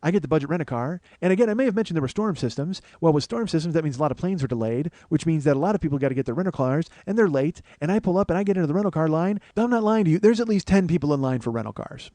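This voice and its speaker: A man's voice: on the high side, expressive, very fast, hardly any pauses, dark tone, dry recording. A man telling a comic story as a podcast host, profane and ranting with mock paranoia.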